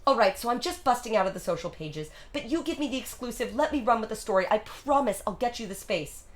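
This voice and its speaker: A woman voicing a self-assured young female reporter with crisp, quick comebacks, in a solo live-streamed reading of a musical. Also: a little high, animated, lightly acted. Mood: poised.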